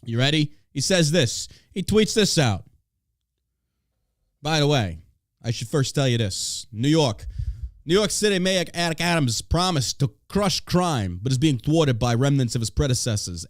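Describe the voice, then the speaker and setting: A man hosting a podcast rants in a profane, mocking way. His fairly high voice leaps all over the place, recorded close and dry on a studio mic. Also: dry recording. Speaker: podcast host. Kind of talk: casual ranting chat.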